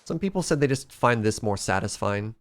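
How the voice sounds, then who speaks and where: A man's voice: fairly low pitch, expressive, a little fast. A man streaming a game live, chatting casually and playfully, reading out and thanking his viewers.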